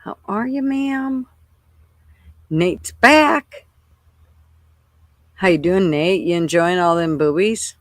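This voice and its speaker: A woman's voice: on the low side, slow, long pauses, no echo. An older woman hosting a casual livestream, chatting loosely, swearing freely and greeting viewers by name at her computer. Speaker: livestream host.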